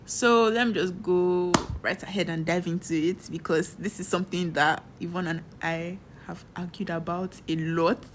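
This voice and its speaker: A woman's voice: fairly low pitch, fairly even intonation, normal speed, few pauses, slight background noise. A woman co-hosting a casual podcast, teasing and arguing with her co-host and laughing often. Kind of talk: casual banter.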